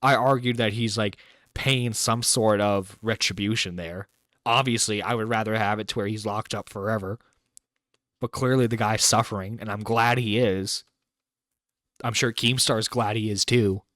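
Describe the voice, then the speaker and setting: A man's voice: lowish voice, steady tone, moderate pace, fairly bright tone, dry recording. A man hosting a live stream, reacting to a clip in an exasperated, incredulous rant with some swearing, close to the mic. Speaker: internet radio host reacting to a clip.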